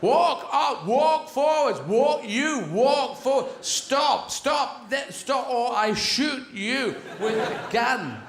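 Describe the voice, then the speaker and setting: Man doing a high loud barking horse trainer, bossy, roomy hall. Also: expressive, takes it slowly, hardly any pauses, heavily acted. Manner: barked commands. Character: bellowing male horse shouter, bossy trainer. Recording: echoey theatre, faint noise.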